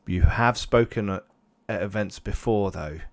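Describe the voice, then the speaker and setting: A man's voice: lowish voice, unhurried. A man voicing a flustered, indignant male doctor who stammers defensively, in a tabletop game. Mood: worried.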